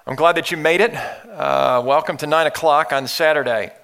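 A man preaching a sermon to a congregation in a conversational way, his voice still deep from the morning. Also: moderate pace, gravelly, few pauses, a bit bright, clean tone. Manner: conversational preaching, occasional restarts. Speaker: pastor.

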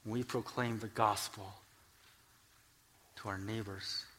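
A man preaching a sermon in a church, swinging between soft, earnest explanation and loud, emphatic peaks as he reads scripture, with joking asides. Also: lowish voice, steady tone, slow, a little hiss or hum. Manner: builds scripture lists to loud, emphatic climaxes. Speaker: pastor. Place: church sanctuary.

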